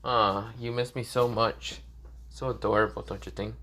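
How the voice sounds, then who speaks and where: A man voicing a smug young male ninja who talks down to others with mocking calm. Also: lowish voice, moderate pace. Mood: teasing. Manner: taunting, condescending.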